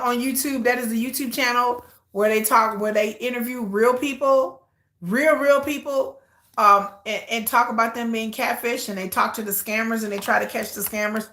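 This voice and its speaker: Bright high-voiced woman chatting on a live stream. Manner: animated, laughing, shrieks and squeals names at the screen; gossipy, talks straight to viewers as "girl". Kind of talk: casual live-stream chat. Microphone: phone or camera on a tripod.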